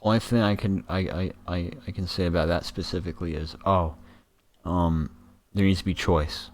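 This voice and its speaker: A man hosting a live stream, reacting to a video in a profane, rambling, animated way. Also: low voice, moderate pace. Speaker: podcast host.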